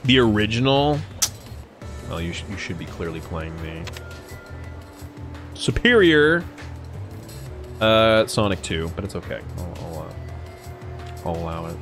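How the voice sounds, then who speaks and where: A man's voice: low-pitched, moderate pace, faint music behind. A young man chatting casually and profanely with his live-stream chat, rambling and joking. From United States.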